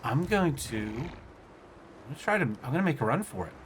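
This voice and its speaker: A man's voice: mid-range voice, sing-song, fairly quick, slight background noise. A man hosting a casual let's-play, thinking aloud as he plays and often stumbling over words. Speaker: gaming channel host.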